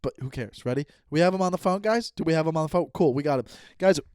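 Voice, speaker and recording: A man's voice: on the high side, fast, a little mellow, smooth, no room sound, clean studio sound. Exasperated comic man ranting. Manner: ranting, exasperated, acts out voices. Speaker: podcast host. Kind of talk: comic monologue.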